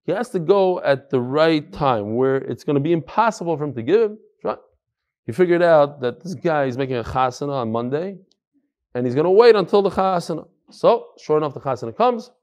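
Brief: male Torah teacher, fairly high voice, lively storyteller who repeats phrases to drive a point home. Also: a little fast. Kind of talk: Talmud class with stories.

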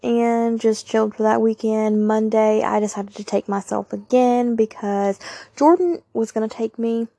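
A woman's voice: a little high, steady tone, a little slow, vocal fry, warm tone, dry recording. A young woman, candidly telling a personal story on her podcast with emphatic asides to listeners. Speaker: podcast host.

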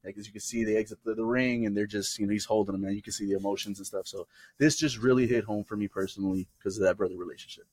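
A man's voice: fairly low pitch, racing, breathy edge, dry recording. A young adult man co-hosting a casual podcast, who tells stories with energy and acts out what people said. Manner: animated storyteller, acting out quotes. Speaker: podcast co-host. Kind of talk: casual chat.

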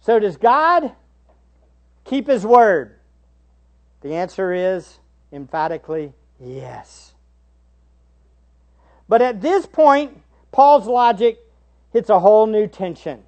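A man preaching a sermon as pastor, shifting between hushed asides and raised, emphatic questions to the congregation. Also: high voice, big pitch swings, slow pace, pauses often, muffled recording. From United States. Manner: rhetorical tag questions to the congregation.

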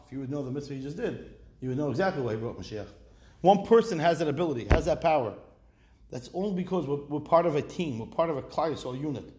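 A high-pitched man teaching a Torah class. He reads passages aloud, then explains them with animated stress that climbs toward near-shouts, and often repeats words as he builds a point. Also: a little hiss or hum. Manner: mixes Hebrew text reading with English explanation, repeats words. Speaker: rabbi giving a Torah class. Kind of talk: spoken Torah lesson.

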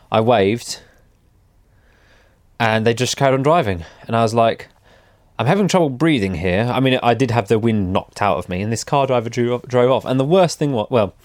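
A man's voice: medium pitch, darkish tone, dry recording, clean studio sound. A man, a motorcycle vlogger, telling a story in a casual, rambling and wry way, often correcting himself.

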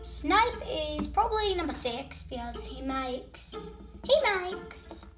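Child doing a high-voiced villain witch, unhurried, boastful, music underneath. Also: very animated, fairly bright tone, exaggerated voice. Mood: gleeful. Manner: giggly, scatterbrained, boastful. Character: excitable adult female witch villain. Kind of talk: fan role-play video. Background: background music.

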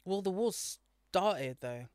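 A woman co-hosting a podcast, talking loudly, teasing and swearing freely in casual chat. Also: on the low side, expressive, takes it slowly, dry recording, clean studio sound. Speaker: podcast co-host.

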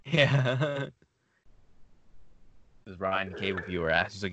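Bright-voiced man laughing through casual chat. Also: low-pitched, expressive, unhurried, pauses often, dry recording. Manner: laughs often, stammers and repeats words. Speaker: podcast co-host.

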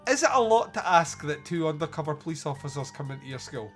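Male podcast host, fairly high voice, animated, sweary, mocking, casual film review chat. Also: quick pace, over music.

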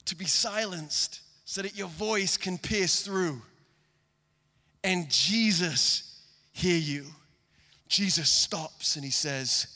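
Preacher guy on stage, earnest sermon, bright sharp voice, big echoey hall. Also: high voice, slow pace, long pauses. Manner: earnest, shifts between loud emphasis and hushed delivery. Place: stage before a live congregation.

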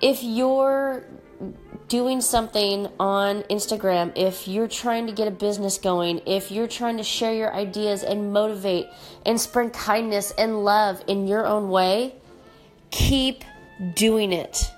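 A woman's voice: mid-range voice, steady tone, takes it slowly. Woman, podcast host, nasal congested voice, candid, emphatic, casual solo talk, faint background music. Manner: candid, emphatic, frank with mild swearing.

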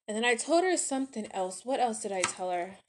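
A woman's voice: a little high, lively intonation, brisk, noisy background. A woman hosting a podcast, chatting casually to her listeners while she cooks. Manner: chatty, addresses listeners as y'all. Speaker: podcast host. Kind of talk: casual chat while cooking.

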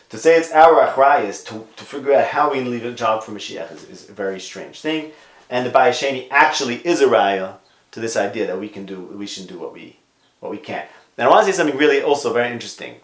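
A man giving a conversational Torah lecture on a podcast, stressing some words loudly and dropping to quiet asides, with Hebrew and Yiddish terms mixed in. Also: medium pitch, reverberant. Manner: emphatic, swings between loud stresses and quiet asides.

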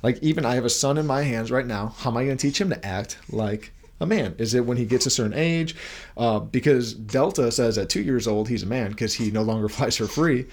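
A man's voice: medium pitch, fairly quick. A man giving a casual devotional talk to other men, asking many rhetorical questions in a loose, conversational way while holding his young son at home. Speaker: Christian men's podcast host and father.

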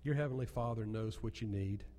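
A male pastor delivers an earnest sermon, pushing his phrases up to emphatic peaks. His voice is dark and mellow, and it rings out with the long reverb of a church sanctuary. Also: fairly low pitch, brisk, slight background noise.

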